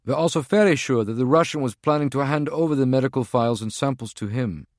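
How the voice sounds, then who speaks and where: A man voicing a tense, higher-pitched henchman. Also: fast, no room sound, studio quality, natural voice. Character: tense male henchman reporting by secure phone.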